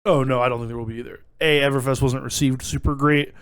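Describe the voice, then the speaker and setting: A man's voice: mid-range voice, steady tone, fast, a bit bright, smooth, dry recording. A man co-hosting a casual podcast chat, rambling with lots of fillers and laughing often. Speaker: podcast co-host.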